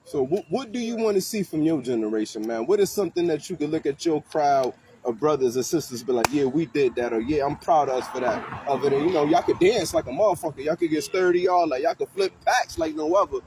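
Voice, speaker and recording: A man hosts street interviews outdoors, chatting casually and animatedly in slang with passersby amid faint street noise. His voice is a little high, and he talks quickly with hardly any pauses.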